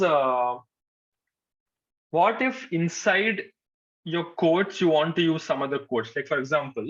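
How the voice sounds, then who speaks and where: A male programming instructor with a slightly high, somewhat bright voice gives a live coding lecture to a class. He patiently repeats his points and says "okay" a lot, and the recording sounds dull and lo-fi.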